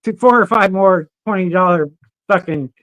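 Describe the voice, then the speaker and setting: A man's voice: sits high, normal speed, dry recording. A man as a podcast guest, telling casual stories full of swearing and laughter. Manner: swears freely, animated anecdotes with laughter. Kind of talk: casual chat, storytelling.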